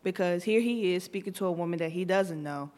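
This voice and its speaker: A woman in her thirties, co-hosting a podcast, telling a story in casual chat with lively acted-out quotes. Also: on the low side, fairly quick. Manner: animated, tells stories with acted-out quotes. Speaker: podcast co-host.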